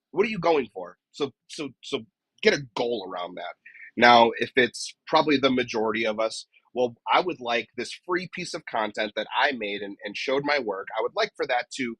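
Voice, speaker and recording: A man's voice: medium pitch, animated, moderate pace, fairly bright tone, dry recording, low-quality recording. A man who works as a dent repair technician, a guest on a casual podcast interview, explaining his advice step by step and often checking in with "right?". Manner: explanatory, tags many points with "right?".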